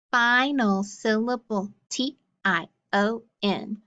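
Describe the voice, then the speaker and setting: A woman teaching a phonics lesson, carefully sounding out letters, syllables and words in a steady drill. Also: mid-range voice, takes it slowly, dull audio.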